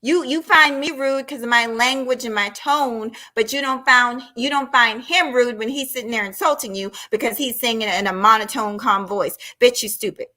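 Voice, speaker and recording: A woman's bright, slightly high voice carries a heated live-stream rant at normal speed with few pauses. Profane and blunt, she speaks confrontationally, directly to her viewers.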